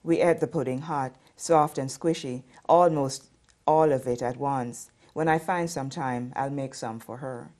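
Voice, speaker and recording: Brief: woman from the Caribbean, very deep voice, calm and even reading. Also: a little slow. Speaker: novelist. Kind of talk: reading fiction aloud, then commenting.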